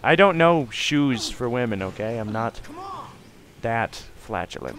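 A young man narrates a video game playthrough with crude jokes and frequent swearing. His pitch is lively and he breaks into sudden loud shouts. There is a faint hiss behind him. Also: a little slow. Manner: joking, profane, bursts into shouts. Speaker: gamer. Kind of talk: let's play commentary.

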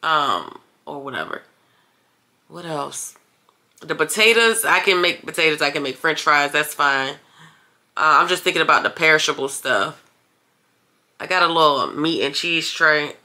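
A woman talks straight to her viewers in a casual vlog. She is chatty and blunt, calls them y'all and swears freely when something annoys her. Her voice sits a little low but comes across bright and forceful. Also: lively intonation, unhurried, long pauses. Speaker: vlogger. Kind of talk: casual vlog talk to camera.

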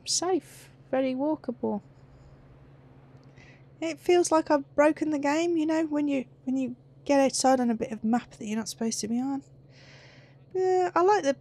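A woman's voice: sits high, darkish tone. A woman giving casual let's play commentary on a horror game, chatty and reacting with gasps and squeals.

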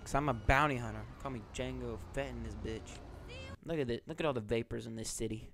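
An excitable man of middling pitch narrates gameplay live, swinging from loud shouts to low mutters. Noisy car and engine sounds from the game run behind him. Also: fairly quick, vocal fry. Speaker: gaming YouTuber.

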